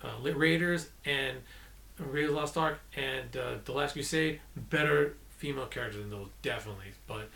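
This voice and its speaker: A man's voice: brisk, gravelly, sharp tone. A man giving a casual, rambling movie review, exasperated, with restarts and self-corrections. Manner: mocking quotes in a shrill put-on voice. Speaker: movie vlogger.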